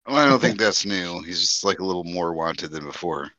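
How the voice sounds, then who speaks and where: A man's voice: low voice, lively intonation, brisk, sharp tone, dry recording. A man playing in a tabletop game, talking in a casual, slangy way. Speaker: player. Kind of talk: in-character tabletop chat. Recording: dull dry lo-fi sound.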